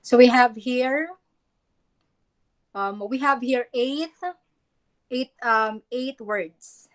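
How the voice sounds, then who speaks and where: A woman's voice: a little high, extremely slow. Woman teacher modeling word pronunciation. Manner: instructive, repeats words to model pronunciation. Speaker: English teacher. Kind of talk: classroom lesson on poem reading and pronunciation.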